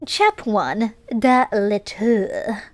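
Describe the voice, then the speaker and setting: A woman's voice: medium pitch, drawn-out words, dry recording, soft background music. A young adult woman streamer reading a fanfic aloud, with giggly, teasing asides. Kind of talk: casual stream reading and commentary.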